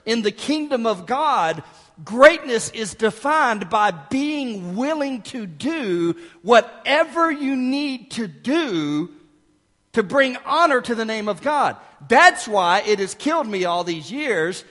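A man preaching a sermon as pastor, emphatic and dramatic, dropping to hushed asides and rising again. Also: very high voice, very animated, a little slow, in a large hall.

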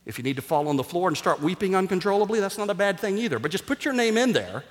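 Man, pastor, sermon, high voice, energetic, jokey, long church reverb. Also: fast. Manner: energetic, jokey, rising to near-shouts for emphasis. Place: church sanctuary. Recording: reverberant hall.

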